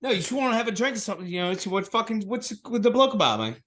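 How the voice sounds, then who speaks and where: A man's voice: high voice, sing-song, very fast, fairly bright tone, voice pushed up. A man putting on a put-on Cockney accent, playing a rowdy, profane working-class bloke who rambles.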